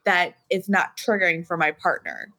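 A woman who is a guest on a talk podcast, speaking thoughtfully and at a measured pace. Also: on the low side, sing-song, pushed and bright, poor audio. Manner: thoughtful, measured, with frequent affirmations. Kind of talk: casual conversation.

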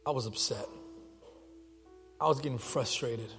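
A man's voice: medium pitch, measured pace, gravelly, a bit bright, in a large hall, faint music behind. A young man preaching a sermon as pastor, telling stories in a conversational way with frequent restarts. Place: church sanctuary.

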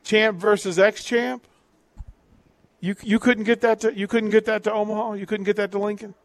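A man's voice: sits high, flat delivery, normal speed, dry recording. A man hosting a casual sports talk radio show, chatting loosely, restarting his sentences and reading out listener texts.

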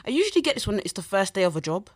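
A young woman, co-hosting a casual podcast, excitable and laughing as she talks. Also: medium pitch, rapid-fire, no room sound, studio quality. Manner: animated, excitable, laughs and swears. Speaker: podcast co-host. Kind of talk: casual chat.

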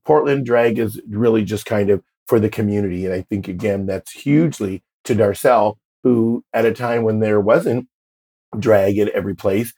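A man in his fifties with a low, husky voice, spinning a long anecdote as an interview guest. He slips into other people's voices as he quotes them, and his telling is lively and playful throughout. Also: moderate pace. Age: 50s. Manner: animated storyteller, acts out quoted voices. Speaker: drag performer and guest. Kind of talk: casual interview storytelling.

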